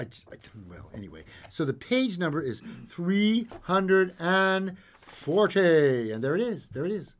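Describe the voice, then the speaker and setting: A man hosting a radio show, singing along to his guitar and chatting in a playful, rambling, self-mocking way. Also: mid-range voice. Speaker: radio host. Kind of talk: singing with guitar and casual chat. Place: radio studio.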